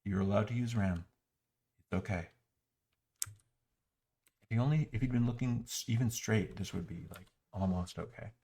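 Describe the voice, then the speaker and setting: A man's voice: on the low side, normal speed, pauses often, dark tone. A man giving an exasperated, sarcastic running critique of an app while muttering and clicking through it. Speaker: software reviewer. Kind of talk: screen-recorded software critique.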